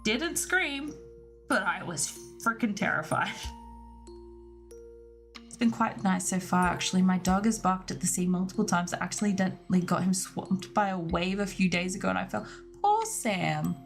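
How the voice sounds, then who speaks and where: A woman's voice: mid-range voice, moderate pace, faint music behind. A young woman with an Australian accent, chatting casually and rambling to her stream chat, often laughing.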